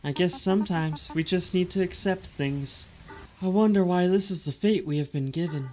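Resigned woman, streamer-voiced, soft, reflective, wistful, game figure. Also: medium pitch, moderate pace, pitched above the performer's own voice, close to an everyday voice.

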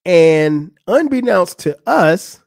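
Animated man telling a story. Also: takes it slowly, gravelly, no room sound, studio quality. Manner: animated, acts out quotes with rising pitch. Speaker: podcast host. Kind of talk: casual storytelling.

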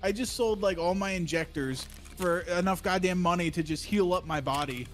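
A man chatting casually while playing a game with a friend, bantering quickly and reacting to the action. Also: sits high, faint music behind. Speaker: fellow streamer. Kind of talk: casual gaming chat.

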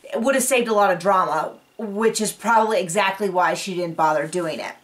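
A woman's voice: mid-range voice, a little fast. Woman, casual recap chat, rambling with asides, voice a bit distant from the mic. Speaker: reality TV recap vlogger. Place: home on a cattle ranch. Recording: voice set back from the mic.

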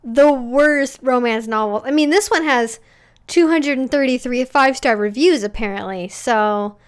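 A woman's voice: high-pitched, normal speed, smooth. A woman in her twenties chatting casually as a livestream host, reading viewer comments aloud and greeting them by name.

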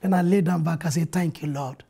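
A man in a TV studio interview shares his experiences as a pastor. His voice is dark and mellow with a strongly husky, raspy grain. He preaches earnestly, quoting scripture and retelling events with animation. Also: a little high, fairly even intonation, fairly quick. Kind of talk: testimony in a TV interview.

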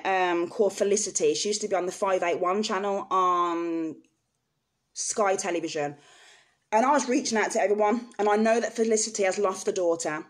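A woman vlogger speaking candidly to her viewers, telling a personal story in an earnest, emotional way. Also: lowish voice. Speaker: vlogger sharing personal experience.

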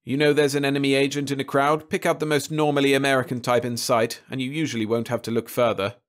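A man's voice: mid-range voice, flat delivery, fast talker, pitched above the performer's own voice, close to an everyday voice. A man voicing a precise, matter-of-fact army colonel. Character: measured older male army colonel.

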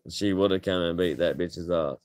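A man's voice: low voice, brisk, a little mellow. A man in his thirties, chatting casually to camera in a rambling way, swearing freely. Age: 30s. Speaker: vlogger.

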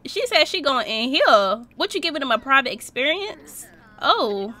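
A young woman casually commenting on her life-simulation gameplay, slangy and animated, reacting and laughing at what happens on screen. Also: high-pitched, moderate pace, a little hiss or hum. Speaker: Sims let's-play host.

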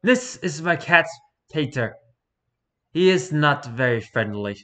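A man voicing a young girl with a heavy Eastern European accent, speaking flat and matter-of-fact. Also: fairly high pitch, takes it slowly, exaggerated voice. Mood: deadpan.

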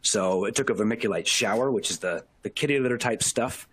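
A man's voice: on the low side, a little fast, a bit bright, slightly rough, dry recording. A man giving a casual safety presentation, explaining and warning the audience, checking in with "okay?".

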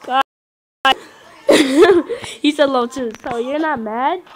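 A woman giving casual gameplay commentary, excitable, often yelling and taunting at the game. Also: high-pitched, unhurried, poor audio. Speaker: gaming video host.

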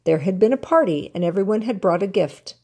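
An older woman, a grandmother, reading a children's picture book aloud in an expressive, animated way. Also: medium pitch, fairly quick, husky. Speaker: storyteller grandmother.

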